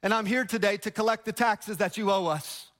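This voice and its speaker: Guy preaching as a cocky old-time tax man, real high voice, pushy and smug. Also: fairly even intonation, a little fast, fairly bright tone. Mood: smug, demanding. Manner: smug, businesslike, demanding. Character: pushy proud ancient tax collector man.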